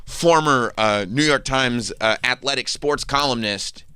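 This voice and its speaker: A man's voice: unhurried, sharp tone, slight background noise. A man hosting a radio talk show, chatting casually about sports in a rambling, jokey way. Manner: rambling, jokey, breaks into high-pitched mocking impressions.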